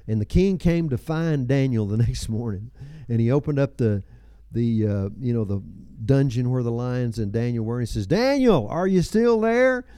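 An older man in his seventies delivers a sermon in a mellow, warm voice. He tells stories in a folksy way, chuckling and dropping personal asides, and the sound is dry and close. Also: mid-range voice, moderate pace, hardly any pauses, smooth, dry recording. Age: 70s. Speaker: pastor.

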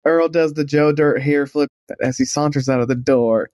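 A man playing a tabletop game, describing his character with lively enthusiasm. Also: on the high side, normal speed, no echo, studio quality. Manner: animated, enthusiastic storytelling. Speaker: player.

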